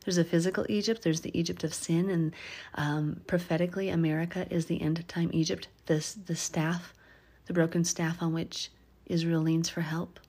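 A woman teaching a casual Bible study on a phone, chatty and quick to laugh, growing animated when she stresses a point. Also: lowish voice, breathy edge.

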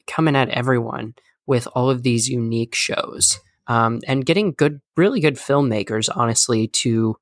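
A man's voice: mid-range voice, normal speed, few pauses, dry recording. Guy cohosting a chatty podcast, rambles with lots of ums, dead dry sound. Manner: rambling, filler-heavy, teasing. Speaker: podcast co-host. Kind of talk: casual chat.

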